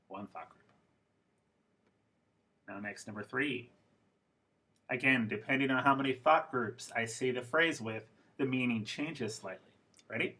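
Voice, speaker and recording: A man teaching a pronunciation lesson at an unhurried pace, spelling out each example phrase with care. His voice is bright and forceful, with a husky edge. He sounds like he is demonstrating to a class. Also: mid-range voice. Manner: slow, careful, demonstrative delivery with model phrases. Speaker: English teacher.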